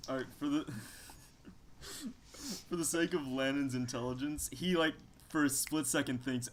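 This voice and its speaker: A man's voice: medium pitch, lively intonation, normal speed, pauses often. A man playing a tabletop game, chatting in a laid-back, joking way. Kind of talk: casual chat.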